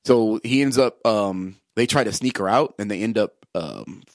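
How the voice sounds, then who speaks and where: A relaxed man in casual podcast chat, telling stories that wander. His voice sits low. It is recorded close and dry. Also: moderate pace, dry recording. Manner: rambling storyteller, laid-back, says dude. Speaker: podcast co-host.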